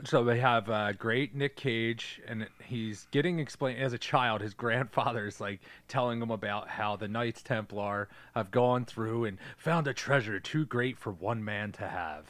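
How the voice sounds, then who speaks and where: A man's voice: medium pitch, unhurried, hardly any pauses, a bit bright, no echo. A man co-hosting a casual movie-review podcast, rambling and cracking crude jokes. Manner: rambling, laughing, profane. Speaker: podcast co-host.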